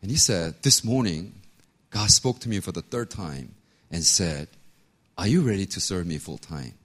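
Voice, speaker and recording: Animated man telling a sermon story. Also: low-pitched, normal speed, slightly rough. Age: 50s. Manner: animated storytelling, acts out voices, laughs often. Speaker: pastor.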